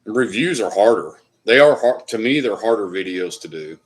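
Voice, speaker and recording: Male livestream host, low-pitched, loose rambling chat. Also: lively intonation, normal speed. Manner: loose, rambling, swears casually. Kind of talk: casual live chat reading comments.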